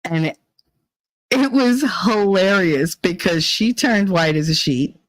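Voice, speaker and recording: A woman's voice: lowish voice, animated, slow pace, no room sound, low-quality recording. A woman hosting a casual talk show, telling a story in a blunt, profane, swaggering way. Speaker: podcast host.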